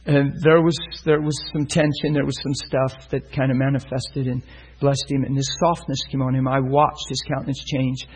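A man's voice: medium pitch, flat delivery, normal speed, hardly any pauses, darkish tone, husky, poor audio. A man preaching a sermon, telling a story and acting out the voices of the people in it. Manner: storytelling, acts out voices in quotes.

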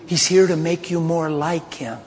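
A man preaching a sermon, mixing loud outbursts with hushed personal confessions as he tells a story. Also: fairly high pitch, moderate pace. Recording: long hall reverb, faint ambience.

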